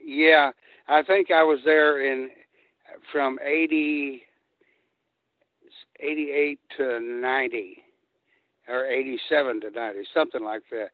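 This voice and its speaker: Taking it slowly and pausing often, an older man, once a pro wrestler, rambles through casual anecdotes as a guest, animatedly performing the quotes in a medium-pitched voice. The sound is a tinny, dry phone line.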